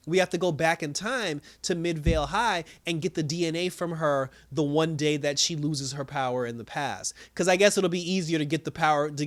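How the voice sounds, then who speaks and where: A man hosts his show with a quick, tumbling delivery as he walks through a TV episode. His voice sits a little high for a man. He keeps it loose and slangy, jumping into the characters' lines with lively energy. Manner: animated slangy retelling, acting out characters' lines with laughs. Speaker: show host reviewing a TV episode. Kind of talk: casual episode recap.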